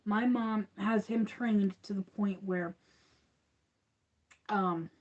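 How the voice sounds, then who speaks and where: A woman's voice: medium pitch, fairly even intonation, takes it slowly, a little mellow, muffled recording. A woman hosting a crochet livestream, chatting casually and rambling with frequent laughs.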